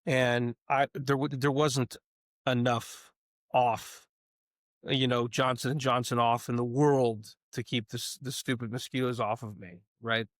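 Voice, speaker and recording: Man, podcast guest, animated storyteller, playful, average pitch, dry close mic. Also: unhurried, dry recording. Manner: animated, playful storyteller who acts out the other people in his stories. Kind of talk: casual storytelling.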